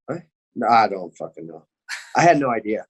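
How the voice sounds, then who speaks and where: Low-voiced young man swearing through stories. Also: sing-song, moderate pace, husky. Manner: swears constantly, acts out quoted people. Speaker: MMA fighter guest. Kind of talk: casual storytelling.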